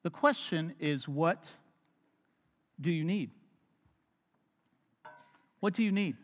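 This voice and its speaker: A man preaching a sermon, swinging from loud emphatic lines down to hushed near-whispers. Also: fairly high pitch, expressive, takes it slowly. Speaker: pastor. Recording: long hall reverb.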